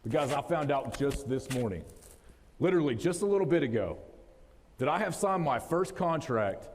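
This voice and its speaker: A man's voice: fairly high pitch, expressive, moderate pace, a little mellow. A man in his thirties from West Texas with a West Texas accent, giving a joking, folksy motivational talk straight to a live audience. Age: 30s. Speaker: motivational speaker. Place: event hall, live audience. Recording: long hall reverb.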